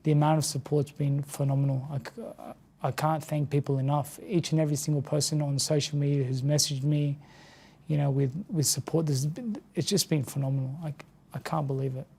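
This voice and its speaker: Soft-spoken gravelly man, halting. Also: on the high side, steady tone. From Australia. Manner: soft, halting, repeats words. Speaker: interview guest, former boxer. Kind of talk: emotional sit-down interview.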